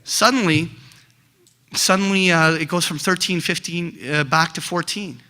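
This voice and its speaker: A middle-aged man teaching options trading, telling animated stories with many fillers and restarts. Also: fairly high pitch, normal speed. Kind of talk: lecture with acted examples.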